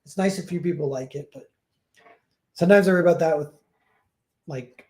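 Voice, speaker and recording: A young man who streams and draws comics chats casually on a livestream, rambling and self-deprecating, and acts out quoted dialogue in his stories. His voice is on the high side, brisk and darkish, with a roomy sound.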